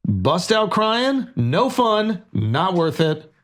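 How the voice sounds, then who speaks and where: A man putting on the cadence of a brash older male politician, reading a note in a drawn-out, emphatic way. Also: high voice, very animated, a bit bright, faint music behind, voice pushed up, full character voice. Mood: mocking.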